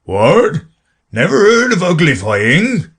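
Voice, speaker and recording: A man voicing the Gryphon as a gruff, impatient male beast in a storybook reading, with a brusque, scolding manner. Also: medium pitch, big pitch swings, a little slow.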